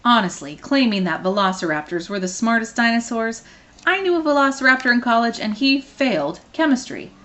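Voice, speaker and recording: A woman's voice: fairly high pitch, animated, brisk, sharp tone, pitched above the performer's own voice. A woman voicing a fussy, indignant male Tyrannosaurus in a storybook read-aloud.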